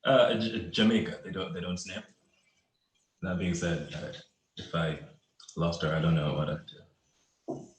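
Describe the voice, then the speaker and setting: A man's voice: deep voice, steady tone, a little slow, pauses often, a little hiss or hum. A man playing a remorseful young police officer who stammers through apologies, read over a video call. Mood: apologetic. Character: young male cop, remorseful and persistent. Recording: echoey room.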